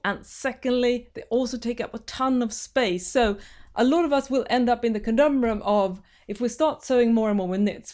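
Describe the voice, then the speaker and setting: Chatty Swedish woman, higher voice. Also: darkish tone. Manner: chatty, greets viewers by name. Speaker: sewing channel host. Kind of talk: casual live-stream chat. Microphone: webcam live stream.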